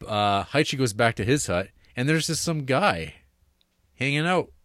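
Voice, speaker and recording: A man's voice: medium pitch, animated, normal speed, fairly bright tone, no echo, studio quality. A young man casually retelling a film's story, full of fillers, restarts and "like". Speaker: podcast co-host. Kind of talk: casual movie discussion.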